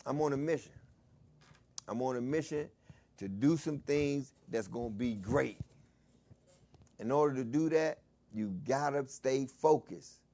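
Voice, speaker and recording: A man from Washington DC hosting his own talk show, shouting hype calls at times but mostly chatting in a relaxed, low-key way. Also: measured pace, long pauses. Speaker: host. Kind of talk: casual talk show monologue.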